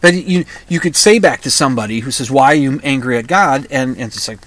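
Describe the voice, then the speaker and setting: A middle-aged man from the upper Midwest, hosting his own show in a rambling, halting monologue full of restarts. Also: a little high, expressive, fairly bright tone. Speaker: podcast host. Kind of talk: casual monologue.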